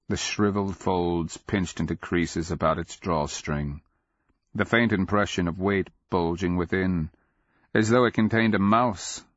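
A man narrating a fantasy audiobook in a measured, grave, deliberate way. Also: low voice, no echo. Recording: dull lo-fi audio.

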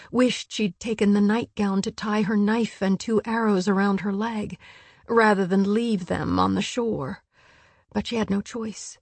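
A woman narrating an audiobook in a hushed, measured storytelling voice. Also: mid-range voice, breathy edge, no echo. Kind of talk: scripted narration.

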